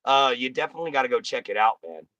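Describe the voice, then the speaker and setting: Streamer host, male, blunt and folksy, medium pitch, close dry sound. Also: very fast, pushed and bright, dry recording, dull audio. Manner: blunt, folksy, talks straight to chat. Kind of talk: casual live-stream chat.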